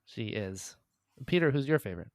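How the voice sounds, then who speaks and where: A man, the creator of an audio drama, chatting on a podcast in an excitable, storytelling way. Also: lowish voice, moderate pace, no echo, clean studio sound. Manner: excitable storyteller, acts out quoted lines. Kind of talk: casual podcast chat.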